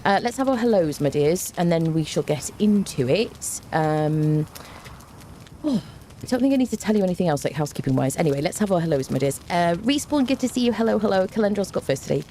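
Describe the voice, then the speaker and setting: A woman's voice: on the low side, expressive, fairly quick, dark tone, a little hiss or hum. A young woman streaming a game, chatting casually with viewers, greeting them by name with plenty of fillers. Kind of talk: casual live-stream chat.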